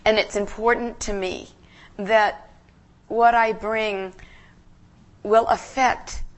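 A woman guest preacher giving an emotional, earnest sermon in a church, halting and restarting as she speaks. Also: on the high side, fairly even intonation.

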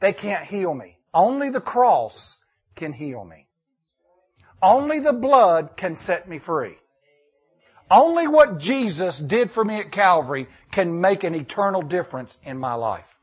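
A man preaching a sermon, reading scripture and repeating key lines emphatically with dramatic pauses. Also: high voice, sing-song, slightly rough. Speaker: pastor.

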